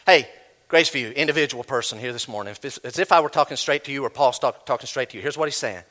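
A male pastor preaching a sermon, animated, acting out imagined voices as he teaches. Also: mid-range voice, fast.

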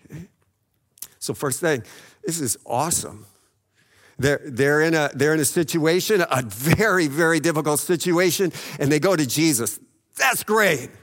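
A man's voice: a little high, lively intonation, moderate pace, fairly bright tone, in a large hall. A man preaching a sermon, retelling a Bible story in a conversational way, often checking in with "okay?" and acting out the voices in it. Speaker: pastor.

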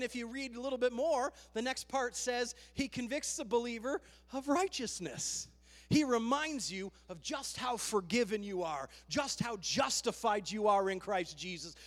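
Man, pastor, sermon, emphatic, rallying, a bit breathless, high voice, long hall reverb. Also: a bit bright. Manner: emphatic, rallying with "Amen?" and "Come on".

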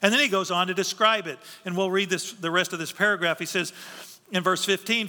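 A man's voice: high voice, fairly quick, pushed and bright. A man preaching a sermon as pastor, earnest and conversational, with restarts and asides. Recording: long hall reverb.

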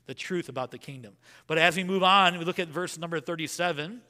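A man preaching a sermon in a church sanctuary, his high, bright voice ringing through a long reverb. He swings from loud, animated emphasis to hushed asides. He reads scripture slowly and with weight. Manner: reads scripture in a slow, measured voice. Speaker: pastor.

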